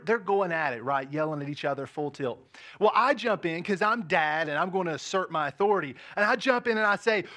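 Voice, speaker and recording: A man in his thirties preaching a sermon to a church congregation, lively and joking, often asking the crowd questions. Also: high voice. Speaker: pastor. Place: large church hall with balcony.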